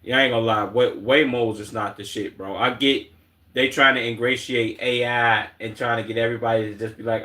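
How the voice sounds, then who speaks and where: A man's voice: mid-range voice, fairly even intonation, normal speed, bright, forceful tone. A man with a Chicago accent streaming and reacting to clips in blunt, slangy, heavily profane casual talk.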